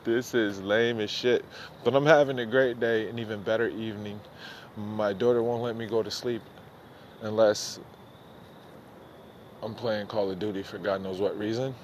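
Pausing often and keeping a moderate pace, this middle-aged podcast host speaks on the low side with fairly even intonation. He rambles loosely and profanely on his own, drifting between ideas and frequently making fun of himself, with a bit of hiss or hum present.

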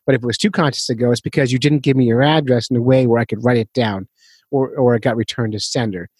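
A man's voice: medium pitch, fairly even intonation, quick pace, a little mellow, breathy edge, no echo. A man hosting a fishing podcast in a casual, rambling, self-deprecating way, laughing often. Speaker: podcast host.

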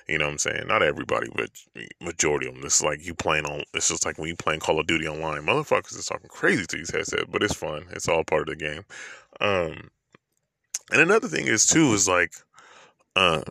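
A man's voice: deep voice, creaky, bright, forceful tone, no room sound. A man giving a casual, rambling opinion monologue to camera, slangy and loose with lots of fillers.

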